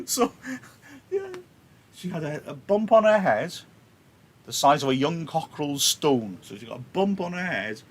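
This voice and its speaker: A man's voice: fairly high pitch, sing-song, measured pace, long pauses. Chatty male teacher with wry asides. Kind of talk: casual livestream lesson on a play.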